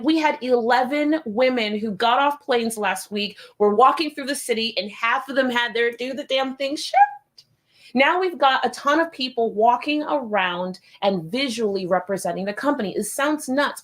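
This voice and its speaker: Woman business coach pumping people up, fairly high voice, lots of storytelling. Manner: animated storytelling, acts out other voices in high pitch. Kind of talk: motivational talk to camera.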